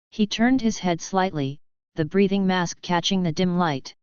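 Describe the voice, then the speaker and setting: A woman narrates a fan story in an even, measured read. Her voice is low and very smooth. The recording is dull and lo-fi with a dry, close sound. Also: no room sound.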